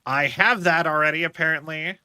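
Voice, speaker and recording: Bright, high-voiced rambling male streamer. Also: a little fast, clean tone, no room sound. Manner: rambling, thinks aloud with many fillers. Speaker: game streamer. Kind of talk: casual gaming stream commentary.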